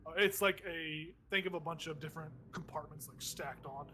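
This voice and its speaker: A man's voice: on the high side, fairly quick, pushed and bright, a little hiss or hum. A man narrating a tabletop game as game master, rambling with many fillers.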